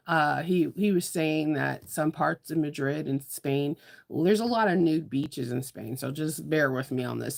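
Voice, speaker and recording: A woman with a low voice and a gravelly fry chats casually while hosting her sewing livestream. She laughs often and answers viewers' comments as she works.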